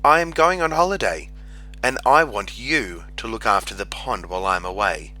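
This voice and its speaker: A man's voice: lowish voice, lively intonation, moderate pace, bright, forceful tone, soft background music, rough recording. A man reading a storybook and voicing a kindly female goose who hands over an important job. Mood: earnest.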